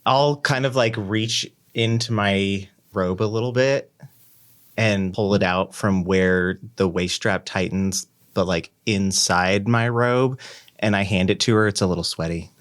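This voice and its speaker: A man playing a tabletop role-play, laid-back and quick to laugh. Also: on the low side, fairly even intonation, a bit bright. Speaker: player.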